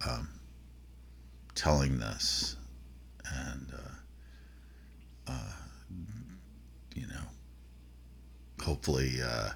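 Very deep, gravelly male storyteller. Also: a bit bright, a little hiss or hum. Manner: rambling, halting, many fillers and restarts. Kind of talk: personal storytelling.

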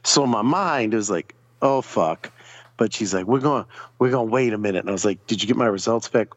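A man's voice: lowish voice, brisk, dry recording, lo-fi sound. A man telling a long personal story in casual, profane chat, acting out other people's lines as he goes. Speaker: podcast guest.

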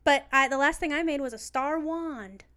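A woman's voice: high-pitched, moderate pace, bright, forceful tone. A young woman chatting casually as a podcast co-host, rambling and laughing often. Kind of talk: casual chat.

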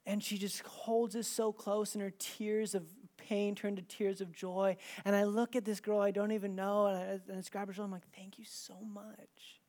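A male pastor telling a personal story in a sermon, swinging between hushed, near-whispered moments and loud, intense emphasis, with a casual, "like"-filled way of talking. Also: high-pitched, level tone, moderate pace, few pauses.

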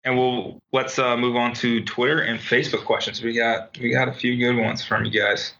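With a flat, creaky, sharp medium-pitched voice at a moderate pace, this young sports-podcast co-host leads segments through joking casual talk full of ums. The sound is a dull lo-fi home recording over a call.

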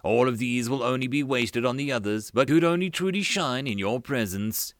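A man's voice: medium pitch, normal speed, dry recording, clean studio sound, natural voice. A man voicing a flirtatious, pompous male fleet master who speaks in flowery, eager compliments. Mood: charming.

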